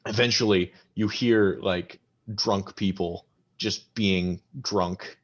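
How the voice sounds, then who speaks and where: Chill guy gm narrating a tabletop game, kinda low voice, ums everywhere, muffled lo-fi mic. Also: steady tone. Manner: casual, halting, many ums and likes. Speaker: game master.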